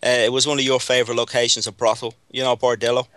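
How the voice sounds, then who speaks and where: A man's voice: medium pitch, little pitch movement, quick pace, fairly bright tone. A man from Dublin with an Irish accent, a guest on a paranormal podcast, answering with dry, understated humor. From Ireland. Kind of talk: casual chat over a call.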